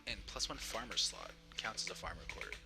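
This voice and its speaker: A man's voice: fairly low pitch, brisk, vocal fry, noisy background. A tired male streamer casually thinking aloud about game choices, sometimes mumbling. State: tired, yawning. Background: game music.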